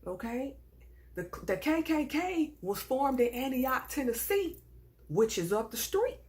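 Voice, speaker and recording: A young woman from the American South with a Southern accent, telling a personal story in a casual, animated and indignant way. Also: sits high, unhurried. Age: young adult. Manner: animated, indignant, swings between hushed asides and raised outbursts.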